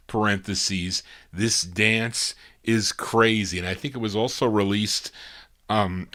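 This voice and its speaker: A male DJ with a fairly low voice, hoarse as he runs out of voice. He chats casually between records, laid-back and rambling, and stops to correct himself. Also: fairly bright tone. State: hoarse, losing his voice. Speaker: radio-style DJ host.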